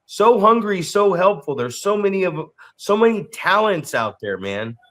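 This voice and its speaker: A man co-hosting a podcast and coaching wrestlers, telling stories in an animated way, repeating words and swearing freely. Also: high voice, moderate pace. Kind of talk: casual podcast chat.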